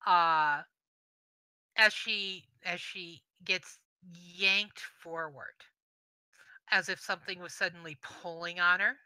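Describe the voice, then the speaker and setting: A woman running a tabletop game as game master, narrating the action in an unhurried, measured way. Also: on the low side, fairly even intonation, sharp tone, smooth, no echo.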